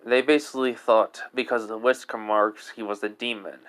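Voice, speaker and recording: A man reads out a weary, regretful old village leader in a homemade fan story, his voice low-pitched and clean. The lines come haltingly, with fillers between the words. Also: fairly even intonation, a bit bright, lightly acted. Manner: plain reading voice, hesitant with fillers.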